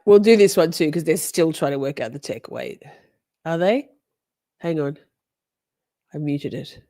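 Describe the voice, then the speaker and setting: Lower-voiced woman host, casual livestream chatter, irreverent and giggly. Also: unhurried, warm tone. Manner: laughs often, chatty and irreverent. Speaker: livestream host commenting on a trial.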